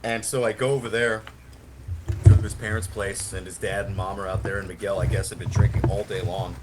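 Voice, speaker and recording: Recorded with heavy noise, a young co-host talks a little fast in a lowish voice with little pitch movement. He rambles through a profane, laugh-filled anecdote in a loose storytelling chat.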